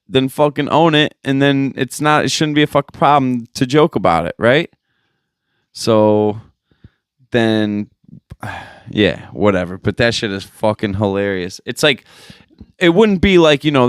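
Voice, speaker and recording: Young male podcast host, exasperated profane rant, crisp voice, dry close mic. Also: mid-range voice, no room sound. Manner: swearing, exasperated ranting.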